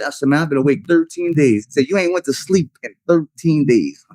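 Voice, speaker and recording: A man in his 30s with a slightly high voice tells long stories in casual talk at a brisk pace, animated and slangy. He keeps calling people "son" and "dog." The studio-quality recording has no echo.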